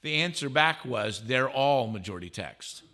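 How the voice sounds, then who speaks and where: A man speaking as a guest at a conference, telling a story in an animated way. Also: mid-range voice, normal speed. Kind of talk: conference talk. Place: conference stage.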